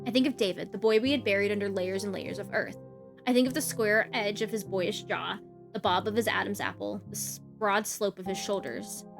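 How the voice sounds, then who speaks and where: A jealous, brooding young woman, read aloud by a woman streamer, quiet and intense in a visual-novel story. Her mid-pitched voice stays low-key and inward, turning over her resentment. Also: brisk, creaky, music in the background, natural voice.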